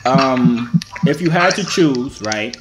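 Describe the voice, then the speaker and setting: Young man, host, teasing banter, lively pitch, noisy recording. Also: takes it slowly. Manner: teasing, playful trash talk. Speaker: YouTuber host. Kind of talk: joking banter on a video chat app. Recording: noisy background.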